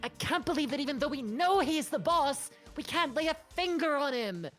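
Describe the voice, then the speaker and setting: A woman's voice: sits high, expressive, moderate pace, fairly bright tone, faint music behind. A woman voicing a hot-headed young female investigator, speaking in an indignant, impassioned way.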